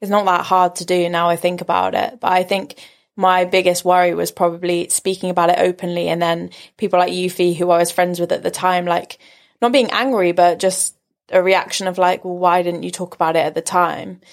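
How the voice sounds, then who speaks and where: A young woman with an English accent, a podcast guest speaking openly and reflectively in relaxed conversation. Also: lowish voice, a little fast. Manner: open, reflective, frequent "like". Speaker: podcast guest, rugby player.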